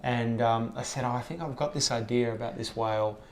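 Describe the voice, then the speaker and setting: A man's voice: medium pitch, fairly even intonation, brisk, a little hiss or hum. A man, telling stories in a loose, rambling casual chat and swearing often. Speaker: guest.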